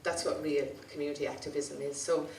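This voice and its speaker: A woman's voice: sits low, flat delivery, fairly quick, gravelly, heavy background noise. A woman with an Irish accent, a community activist giving a chatty, anecdotal storytelling speech at a conference. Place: conference hall. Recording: roomy sound from a distant mic.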